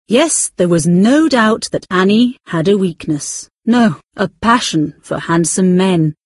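A woman reading a novel aloud as narrator, expressive and slowing down to stretch out key words. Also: medium pitch, slightly rough, no echo, studio quality. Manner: expressive, with drawn-out emphasis. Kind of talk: scripted audiobook narration.

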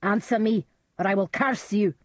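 A woman's voice: lowish voice, unhurried, husky, no room sound, studio quality. A woman voicing a tormented, haunted king who cries out frantically, in a storybook reading. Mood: agitated. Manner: frantic, crying out.

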